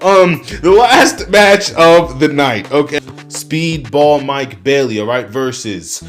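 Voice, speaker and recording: A man giving a rambling, profane, excitable wrestling review, often laughing at his own points. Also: a little high, takes it slowly, faint music behind. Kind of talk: casual review monologue.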